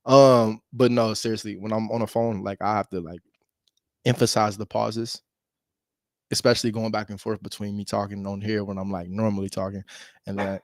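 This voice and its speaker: A man with a fairly low voice chats casually to his viewers between cold calls from home. He talks fast but makes a point of pausing when he is on the phone. The recording is close and dry, with no room sound. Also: fairly even intonation, no echo. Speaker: real estate wholesaler. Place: at home with his dog nearby.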